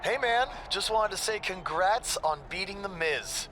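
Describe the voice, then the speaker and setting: An actor voicing a laid-back, friendly pro wrestler in a video game, leaving a voicemail. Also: male voice, high voice, lively intonation, measured pace, background noise.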